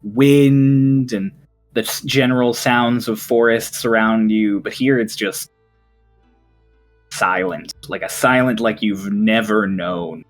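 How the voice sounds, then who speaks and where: A man running a tabletop game as game master, setting scenes in a hushed, unhurried way. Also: lowish voice, soft background music.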